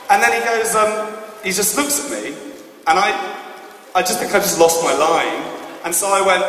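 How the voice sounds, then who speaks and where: A man in his thirties answering fan questions at a convention panel, animated and laughing often as he acts out moments. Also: high voice, moderate pace. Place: large convention hall. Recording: echoey hall from far off, noisy.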